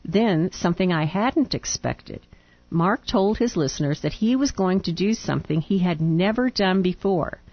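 A woman's voice: lowish voice, animated, moderate pace, no echo, lo-fi sound. A woman co-hosting a radio show, reading a listener's letter aloud and breaking off to laugh. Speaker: radio co-host.

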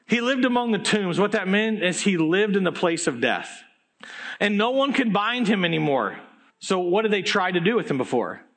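A man's voice: high voice, fairly bright tone. A man preaching a sermon, telling a story with animation and casual slang. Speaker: pastor.

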